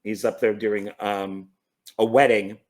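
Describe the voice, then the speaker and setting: A man's voice: lowish voice, a little slow. A man casually going through his film collection, rambling, correcting himself and stumbling over names. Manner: relaxed, enthusiastic about films. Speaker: movie collector.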